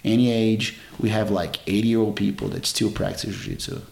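Man, middle-aged, rambling and halting, lowish voice, echoey room. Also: fairly even intonation, vocal fry, darkish tone. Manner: rambling, halting, many fillers and restarts. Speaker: jiu-jitsu champion guest. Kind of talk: casual storytelling interview.

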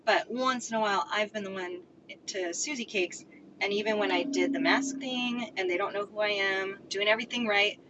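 A woman's voice: mid-range voice, moderate pace. A woman co-hosting a podcast, chatting casually with short, easy remarks. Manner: laughs easily, short reactive remarks. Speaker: podcast co-host. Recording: slightly dull audio with faint noise.

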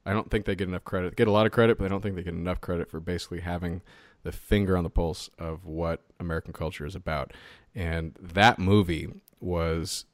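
Give me a man in his thirties with a low voice, chatting opinionatedly on a podcast. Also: quick pace, dry recording, clean studio sound. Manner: animated, opinionated. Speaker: podcast co-host. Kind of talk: casual opinionated chat.

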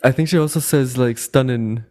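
Slow, unhurried podcast co-host, chatty, laughing easily, middle pitch. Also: a little mellow. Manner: laughs often, meandering with fillers. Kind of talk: casual chat.

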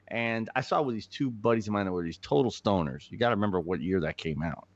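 A man from Miami talks films with easy enthusiasm and the odd curse. His voice sits low. The audio is slightly dull and lo-fi, and he comes across as a filmmaker swapping stories. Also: expressive, fast. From Miami, United States. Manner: enthusiastic, swears casually. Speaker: filmmaker guest. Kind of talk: casual movie chat.

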